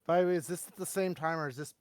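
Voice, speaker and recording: A man's voice: fairly high pitch, rapid-fire, a little mellow, clear, resonant tone, no echo, clean studio sound. A man joining a tabletop role-play game as a player, talking animatedly about his character.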